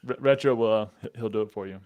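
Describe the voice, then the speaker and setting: A man with a low, smooth and resonant voice hosting a podcast interview. he asks questions in an easygoing, jokey manner. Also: fast talker, darkish tone. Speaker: podcast host.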